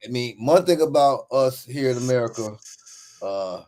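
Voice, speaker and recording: A man co-hosting a casual chat. He speaks haltingly, with hesitations and fillers. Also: mid-range voice, expressive, mellow. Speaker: co-host.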